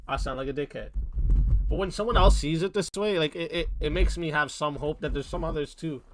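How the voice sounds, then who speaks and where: A young man with a voice on the high side talks a little fast as he hosts a livestream. He rants bluntly at his chat, using heated language and cursing constantly.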